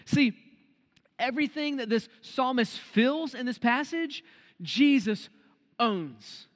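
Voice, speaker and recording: A man with a high voice preaches an earnest devotional sermon. He slows right down to lean on key phrases. His voice trails off in a long reverb tail. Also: animated, fairly bright tone.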